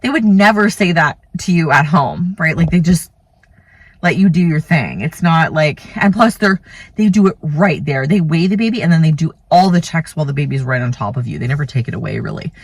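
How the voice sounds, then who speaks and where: A woman's voice: low-pitched, animated, a little fast, slightly rough, dry recording. A woman in her thirties casually telling a personal story, chatty and rambling, full of "like" and "you know.". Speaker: vlogger, mother telling a birth story.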